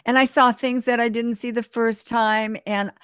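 A woman's voice: a little high, flat delivery, moderate pace, fairly bright tone, smooth, dry recording, clean studio sound. A woman hosting a casual interview, talking in a rambling way with frequent restarts. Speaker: talk show host.

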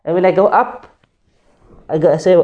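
A man's voice: sits high, normal speed, phone-quality sound. A man teaching a class on the rules of prayer, explaining step by step and often checking that students follow. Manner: demonstrates chanted phrases. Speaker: Islamic teacher.

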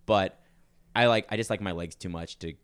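A man's voice: deep voice, normal speed, fairly bright tone. A young man hosting a podcast, chatting casually and telling rambling stories full of "like" and restarts. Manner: rambling, filler-heavy storytelling. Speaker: podcast host. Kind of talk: casual chat.

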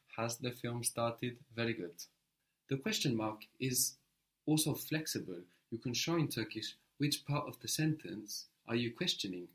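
A man leads a language lesson at an even middle pitch. He prompts his learner, then repeats each answer slowly and patiently. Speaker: language teacher.

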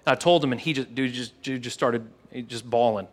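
Speaking at a brisk clip in a medium-pitched voice, a male pastor delivers a casual, earnest sermon to a live church service. He shares a personal story, then leads a hushed prayer full of repeated words, all with a big-room sound.

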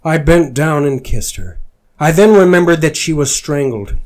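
A man reading a fan story aloud with earnest mock drama, his pitch sitting in a middle range. He carries the narration steadily, leaning into the melodramatic moments. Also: measured pace, darkish tone. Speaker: fanfiction reader.

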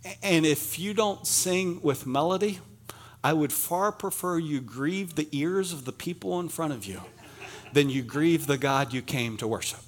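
A man's voice: fairly high pitch, measured pace. A middle-aged man from Pennsylvania preaching a sermon in a church, chatty and self-deprecating, joking with the congregation. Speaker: pastor. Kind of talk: sermon with humorous asides. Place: church sanctuary.

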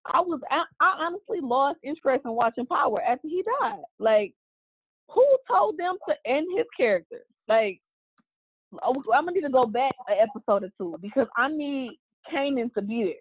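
A woman co-hosting a podcast in casual, animated chat, gushing and swearing freely. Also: sits high, moderate pace, breathy edge, dry recording. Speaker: podcast co-host. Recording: tinny phone-like line.

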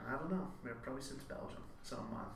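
A man's voice: medium pitch, fast. A man from Canada talks loosely in casual chat, cursing freely and laughing often. His voice bounces around an echoey room, and a crowd murmurs behind him. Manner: swears a lot, laughs often. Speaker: podcast co-host.

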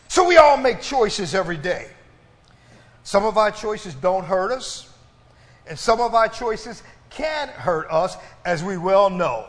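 A man's voice: high voice, sing-song, unhurried. A man preaching a sermon, stretching out his phrases for emphasis and calling on the congregation to respond. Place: church. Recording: reverberant church hall.

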